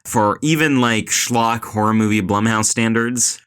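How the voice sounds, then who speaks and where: A man's voice: fairly low pitch, unhurried, fairly bright tone, smooth. A young man hosting a casual film podcast, retelling a movie in a rambling, joking way full of "like" and "uh". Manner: rambling, lots of "like" and "uh", jokey retelling. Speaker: podcast host.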